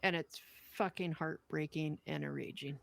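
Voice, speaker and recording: A woman's voice: low-pitched, fairly even intonation, moderate pace, no room sound. A woman co-hosting a podcast, reading a poem aloud and then chatting bluntly and earnestly. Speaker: podcast co-host.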